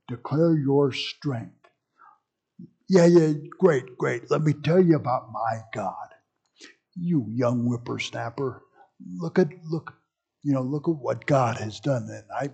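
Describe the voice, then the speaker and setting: A man's voice: medium pitch, dark tone, slightly rough. A man leading a Bible study in a folksy, rambling way, with joking asides.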